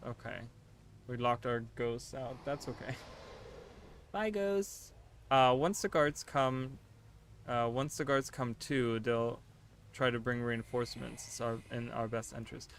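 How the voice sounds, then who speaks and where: A man's voice: mid-range voice, little pitch movement, slow, vocal fry, pauses often, a bit bright, a little hiss or hum. A man streaming a game live, chatting to his viewers in a casual, easily flustered and exasperated way. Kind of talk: casual livestream chat while gaming.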